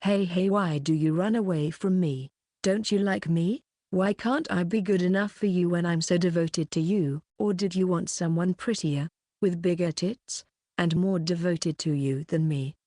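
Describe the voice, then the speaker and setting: A woman's voice: on the low side, moderate pace, dry recording, clean studio sound, close to an everyday voice. A woman voicing an obsessive clingy young stalker. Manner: flat relentless pleading.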